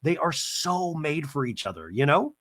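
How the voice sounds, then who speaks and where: A man hosting a podcast, recapping a reality show with rapid, sarcastic asides. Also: fairly high pitch, sing-song, a bit bright, no echo, clean studio sound. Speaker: podcast host. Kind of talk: comedic TV recap.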